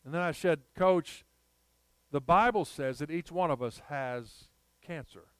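Guy preaching a sermon, fairly high voice, smooth and clear, dry close sound. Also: a little slow, a bit bright, no echo. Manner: impassioned, storytelling, rising to emphatic.

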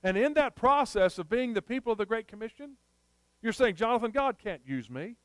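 A man preaching a sermon, telling a story emphatically and slowing down to repeat key phrases. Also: extremely high pitch, lively intonation, a bit bright, clear, resonant tone, no echo.

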